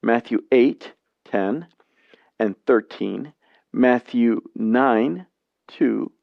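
A man teaching a Bible study lesson, reading scripture passages aloud and explaining them in a plain, measured way. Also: mid-range voice, creaky, dry recording. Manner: plain, measured reading with brief spoken asides. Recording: dry, dull lo-fi sound.

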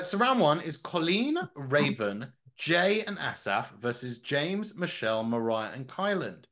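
A man hosting a casual podcast, rambling and joking with plenty of fillers. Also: fairly high pitch. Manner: animated, jokey, rambling with fillers. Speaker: podcast host.

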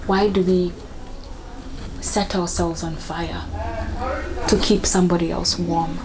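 A woman recites spoken word poetry in a low, flat and hushed voice. She keeps a measured, even pace. The recording is live and full of noise.

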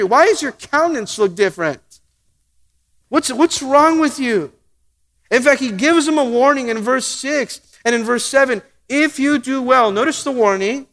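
A man preaching a sermon, slowing down to read scripture aloud and chuckling often. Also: sits high, fairly bright tone, in a large hall. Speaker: pastor.

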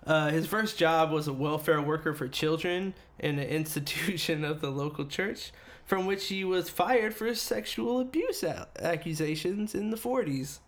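A man's voice: on the high side, moderate pace. Laughing, foul-mouthed podcast man. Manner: reads notes aloud, breaks off into profane joking asides; laughs often mid-sentence. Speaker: podcast co-host reading the story. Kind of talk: casual podcast chat.

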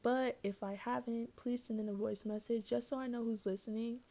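A woman's voice: fairly high pitch, fairly even intonation, moderate pace, dark tone. A young woman hosting her own podcast, chatting casually and rambling with lots of slang and "like". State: out of breath. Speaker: podcast host. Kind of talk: casual solo podcast chat.

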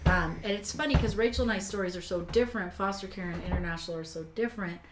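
A woman's voice: medium pitch, fast talker. Chatty woman in an echoey room. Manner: emotional, talkative, many fillers and restarts. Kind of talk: casual conversational storytelling. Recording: echoey room with faint background noise. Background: faint kitchen sounds.

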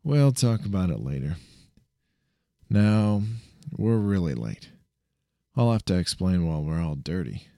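Man reading as a low, calm young hero, matter-of-fact, dark tone. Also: unhurried, long pauses, no room sound, studio quality, heavily acted.

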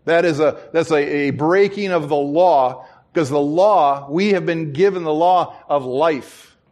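A middle-aged man preaching a sermon as pastor, telling stories and acting out the people in them. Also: on the high side. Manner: storytelling, acts out quoted voices, chuckles at himself.

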